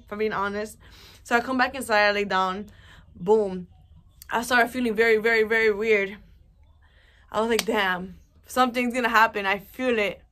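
A young woman vlogger telling a personal story in a casual, rambling way, full of fillers and swearing. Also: mid-range voice. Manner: rambling, animated, swears a lot, many fillers.

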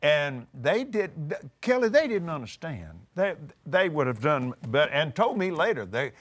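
An older man leads the talk in a lively, conversational preaching style. He is emphatic and animated, repeating words for force. His voice sits a little high for a man and moves through a wide range. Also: unhurried. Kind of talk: conversational teaching.

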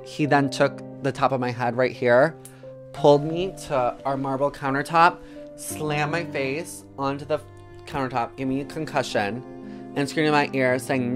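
A woman's voice: extremely low pitch, steady tone, normal speed, music in the background. A woman from Wisconsin telling a painful personal story in an interview, casual with many fillers, fighting back tears. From Wisconsin, United States.

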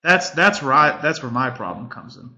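A man makes his case in a casual panel chat, earnest and circling back on his own phrases. His voice is sharp and very bright. The sound is muffled and lo-fi. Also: mid-range voice, animated, moderate pace. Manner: earnest, repeats himself while arguing a point. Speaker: panel guest.

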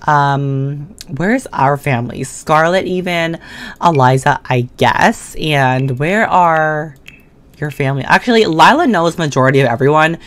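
A woman giving casual, slangy commentary while playing a life-simulation game, chatting to the characters on screen and breaking into excited or mock-scared outbursts. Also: sits low. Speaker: gaming video creator. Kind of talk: casual let's-play commentary. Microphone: desk condenser mic.

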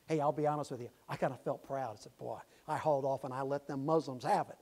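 A pastor preaching a sermon, impassioned and rising to shouts. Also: male voice, mid-range voice, fairly even intonation, quick pace. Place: church sanctuary.

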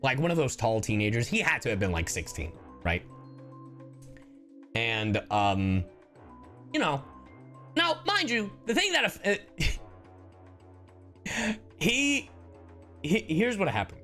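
Animated man telling stories to chat. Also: on the high side, slow pace, long pauses, soft background music. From Miami, Florida. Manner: animated, expressive storyteller. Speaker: streamer and voice actor. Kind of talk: casual storytelling to stream chat.

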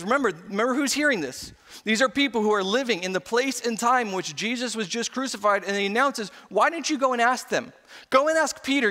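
Man, pastor, sermon, high voice, long hall reverb. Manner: animated, acts out quoted voices. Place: church sanctuary.

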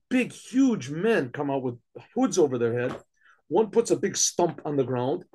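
A man, a rabbi, telling a story dramatically, with frequent restarts and throat-clearing. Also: on the high side, a little mellow.

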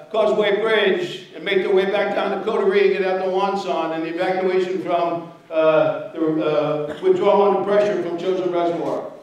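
A man's voice: high voice, far from the mic. Older male lecturer in echoey hall. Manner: storytelling, conversational, asks okay. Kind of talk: history lecture.

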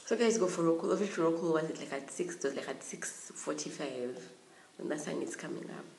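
A young woman tells a storytime tale with lively energy and frequent giggles. Her voice sits a little low, and the room adds a noticeable echo. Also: fairly quick, creaky, slight background noise. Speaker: vlogger. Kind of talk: storytime vlog.

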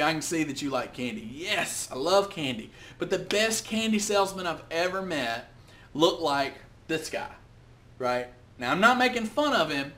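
A man's voice: on the high side, sharp tone. An outgoing man hosting a short business tip video, talking casually to the camera with many restarts. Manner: outgoing, chatty, with frequent restarts and quoted voices. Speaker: host of business tips videos.

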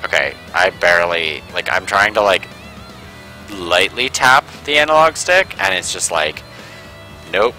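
A man's voice: sits low, expressive, unhurried, bright, forceful tone, faint music behind, low-quality recording. A man giving casual let's-play commentary, rambling and sarcastic, full of "like" and asides. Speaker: gameplay commentator.

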